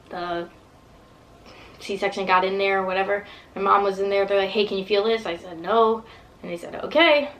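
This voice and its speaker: A woman's voice: mid-range voice, fairly bright tone, slight background noise, low-quality recording. A young woman vlogger telling a long personal story in casual, rambling talk full of fillers and swearing.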